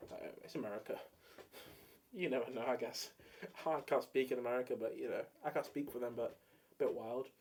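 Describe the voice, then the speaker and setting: A man's voice: on the high side, a little mellow. A young man in casual solo commentary, rambling with many fillers and jokey hot takes. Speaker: video creator ranking films.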